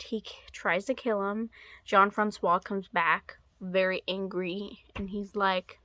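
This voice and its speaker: Slow, rambling young woman vlogger. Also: medium pitch, fairly bright tone, no echo. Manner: rambling, drops into whispered asides. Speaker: book vlogger. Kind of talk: casual book-review chat.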